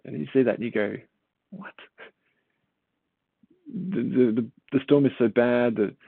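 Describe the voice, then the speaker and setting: This medium-pitched, gravelly man talks a little fast as he reads a Bible passage and then teaches on it informally. He speaks conversationally, poses rhetorical questions to listeners and repeats words while thinking. The audio is dry and tinny, like a phone, with no room sound.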